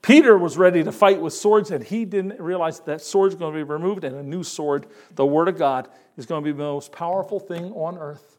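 An older male preacher delivers a sermon, his voice sitting a little high for a man. He leans on repetition, quotes scripture and lets his delivery rise and fall for emphasis. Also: brisk. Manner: expressive, repeats words for emphasis, quotes scripture.

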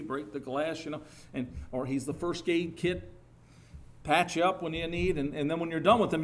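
A middle-aged man preaching a sermon as pastor, earnest and lively, with rising emphatic bursts and some halting restarts. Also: on the high side.

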